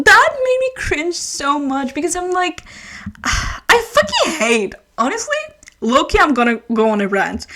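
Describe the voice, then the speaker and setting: Ranting woman with a higher voice. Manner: ranting, swearing, animated asides. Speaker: book reviewer. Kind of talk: casual book review vlog.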